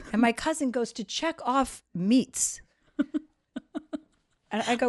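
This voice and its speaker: Profane, animated woman telling a story. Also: a little high, takes it slowly, no room sound, clean studio sound. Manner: profane, animated storyteller, rants with rising volume. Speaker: podcast guest. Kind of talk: casual storytelling chat.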